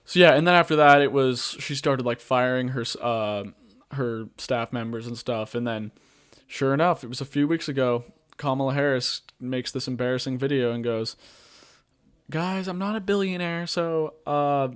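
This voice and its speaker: A man's voice: mid-range voice, fairly even intonation, moderate pace, fairly bright tone, smooth. A man hosting a podcast, ranting casually about politics in a rambling, blunt way, full of filler words and swearing. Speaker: podcast host.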